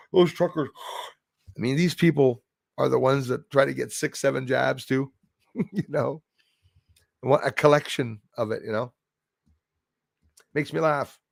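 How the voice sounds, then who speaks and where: A man's voice: mid-range voice, measured pace, vocal fry, long pauses, no room sound, clean studio sound. A man hosting a casual livestream, rambling bluntly and greeting viewers by name. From Canada. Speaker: livestream host reading chat. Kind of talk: casual live-stream chat.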